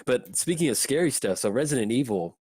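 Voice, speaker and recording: A man hosting a casual card-game chat, telling rambling, excitable stories full of fillers. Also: mid-range voice, fairly quick, slightly rough, no echo, clean studio sound. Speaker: host.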